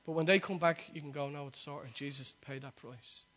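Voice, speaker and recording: A man, preaching a sermon that swings from loud exhortation to quiet, intimate appeal. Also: a little high, fairly quick.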